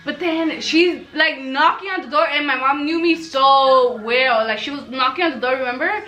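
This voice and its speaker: A young woman telling a funny personal story to camera in a casual, animated way, swearing freely and acting out what everyone said. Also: high-pitched, moderate pace, low-quality recording. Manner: animated, swears freely, acts out quoted lines. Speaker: storytelling vlogger.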